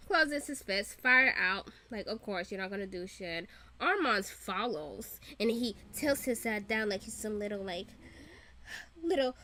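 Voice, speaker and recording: A woman's voice: a little high, sharp tone. A woman host giving a casual, profane, laughing recap of a TV episode. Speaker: reaction channel host.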